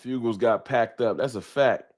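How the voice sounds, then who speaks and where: A man's voice: medium pitch, normal speed. A man chatting casually on a live stream at home, speaking into a desk microphone. He greets viewers one by one in easygoing slang and keeps up a loose, running talk with the chat. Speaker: livestream host. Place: home room with a wall sign.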